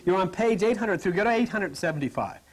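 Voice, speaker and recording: Male preacher, husky and high, jokey, whispers for emphasis. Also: expressive, fast talker. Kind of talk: lively sermon to a live congregation.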